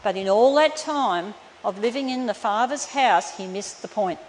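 A woman's voice: medium pitch, expressive, normal speed. A woman preaching a sermon in an earnest, emphatic way that turns tender. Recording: reverberant hall, faint room noise.

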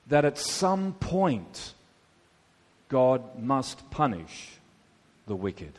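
A man's voice: mid-range voice, a little mellow. A man preaching a sermon, conversational, with many rhetorical questions to the congregation. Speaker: pastor. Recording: long hall reverb.

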